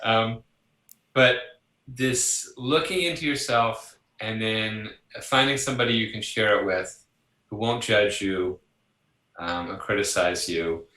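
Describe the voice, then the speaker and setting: A fairly low-voiced man speaks slowly in a low-quality recording with a roomy sound. Being interviewed as a psychologist, he tells personal stories in a lively, conversational way. He mimics the voices he quotes and laughs along.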